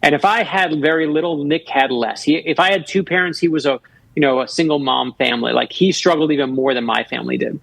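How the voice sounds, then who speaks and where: Guest author, a man in his fifties, with a husky voice and a dry, close sound. He tells earnest personal stories. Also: fairly high pitch, fast talker, fairly bright tone, no echo, poor audio. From Florida. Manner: earnest storyteller who acts out quoted voices. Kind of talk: storytelling in a radio interview.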